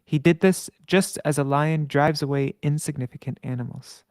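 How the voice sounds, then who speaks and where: A man reading scripture aloud with commentary. He chants verses slowly and stops to correct his own slips. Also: a little high, a little mellow, no room sound. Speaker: scripture reader.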